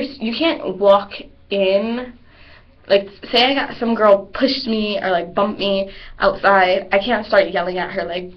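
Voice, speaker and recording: A teenage girl who is a cheerleader, talking casually to her webcam in a rambling way, repeating herself and acting out what other people say. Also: mid-range voice. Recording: dull lo-fi webcam audio.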